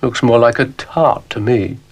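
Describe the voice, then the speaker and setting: Man doing sardonic shaggy dog, dry put-downs, unhurried. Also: medium pitch. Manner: dry, sarcastic.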